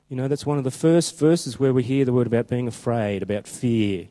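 A man preaching a chatty, informal sermon who slows down when reading scripture aloud. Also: mid-range voice, fairly even intonation, warm tone. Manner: conversational and chatty, slowing down for scripture quotes.

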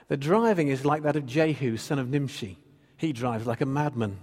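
A man's voice: medium pitch, normal speed, hardly any pauses, darkish tone, in a large hall. A man preaching a sermon as pastor, earnestly reading and explaining scripture.

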